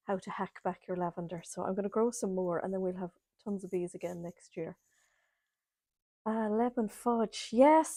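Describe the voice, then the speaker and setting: A woman from Ireland with an Irish accent hosts a live sewing chat from home, her voice on the high side and mellow with no room sound. She greets viewers by name and laughs often while reading their comments, recorded on a laptop or webcam mic with the camera angled up.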